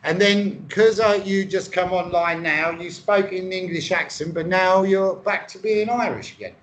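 A man's voice: high voice, normal speed, a bit bright, slight background noise. A man in casual comedic banter, swearing freely and playing along as podcast co-host. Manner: crude, swearing, playfully goes along.

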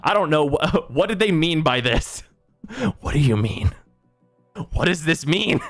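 A man's voice: a little high, unhurried, soft background music. A man hosting a gaming stream, ranting in casual chat with lots of swearing. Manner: exasperated, swearing, animated rants. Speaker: streamer host.

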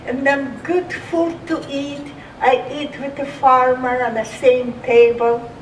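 A woman's voice: high voice, fairly even intonation, takes it slowly, far from the mic, a little hiss or hum. A woman in her eighties from Russia with a Russian accent, telling her life story in simple, broken English. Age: 80s. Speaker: survivor giving oral history. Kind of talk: personal testimony. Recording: echoey room, off-mic.

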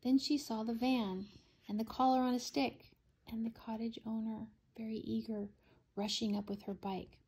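A woman, a mother, reading a children's chapter book aloud in an expressive, unhurried way. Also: fairly high pitch, breathy edge.

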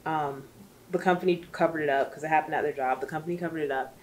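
Chatty woman with a lowish voice. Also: fairly even intonation, fast, slight background noise. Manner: chatty and emotional, rambling with many fillers. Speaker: book reviewer. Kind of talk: casual chat.

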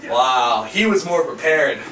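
Excitable young man, echoey room. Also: mid-range voice, a little slow. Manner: excitable, loud outbursts, trash-talking. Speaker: gaming YouTuber. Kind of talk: gameplay reaction commentary. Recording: echoey room, distant mic, noisy.

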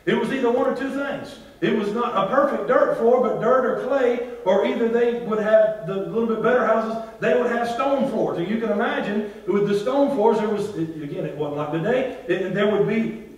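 A man preaching a sermon as pastor, drawing responses from the congregation and swinging between loud and hushed delivery. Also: high-pitched, moderate pace. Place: large church hall. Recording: very echoey church hall, from far off.

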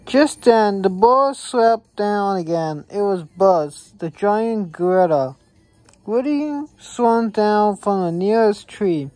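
A woman reading a children's picture book aloud, in a slow, halting way with small stumbles. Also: mid-range voice, lively intonation, darkish tone, dry recording, faint music behind. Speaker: reader.

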